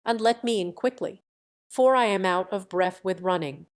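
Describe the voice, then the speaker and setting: A woman's voice: medium pitch, normal speed, lightly acted. A humble young dairymaid from a fairy tale, earnest and pleading as she is chased through town, voiced by a woman reading aloud. Her lines sound sincere and a little breathless.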